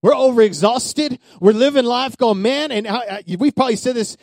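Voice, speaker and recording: A man preaching a sermon as pastor, swinging from loud calls to hushed asides. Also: very high voice, normal speed, no room sound.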